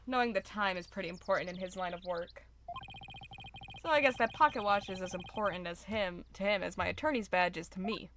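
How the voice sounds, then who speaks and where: A woman's voice: medium pitch, a little fast, a bit bright, natural voice. A woman reading as an earnest young male lawyer. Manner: plain, earnest, inner-monologue reading. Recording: noisy stream audio with clicks.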